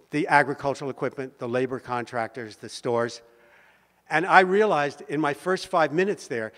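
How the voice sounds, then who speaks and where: Older male storyteller, seventies, lively delivery with pauses for effect, long reverberant hall. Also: on the high side. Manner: animated, vivid storyteller with dramatic pauses. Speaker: speaker at a community meeting. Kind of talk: personal storytelling talk. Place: meeting hall.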